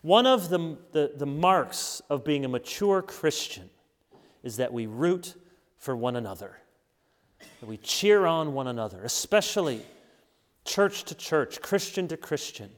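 A male preacher with a somewhat high voice delivers an earnest sermon. He leans on key words and draws them out. His voice rings with the long reverb of a large church hall. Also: big pitch swings. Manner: earnest, emphatic preaching with slowed stressed words.

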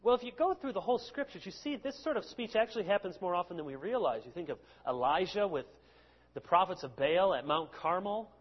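A male pastor preaching a sermon, explaining passages with lively sarcastic asides. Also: sits high, fairly quick, slightly rough. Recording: long hall reverb, dull lo-fi sound.

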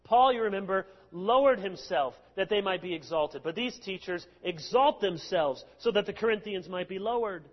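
A male pastor preaching a sermon, explaining passages with lively sarcastic asides. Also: high voice, moderate pace, hardly any pauses. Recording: long hall reverb, dull lo-fi sound.

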